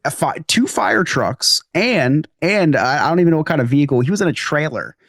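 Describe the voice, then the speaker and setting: Animated man rambling casually on a podcast. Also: a little high, brisk, gravelly, dry recording, studio quality. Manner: rambling, joking with restarts. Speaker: podcast host. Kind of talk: casual chat.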